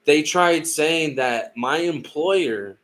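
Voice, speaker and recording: A man's voice: on the high side, lively intonation, takes it slowly, fairly bright tone. A young man from California telling a story in a casual, heated and rambling way, swearing a lot. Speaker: tarot live streamer.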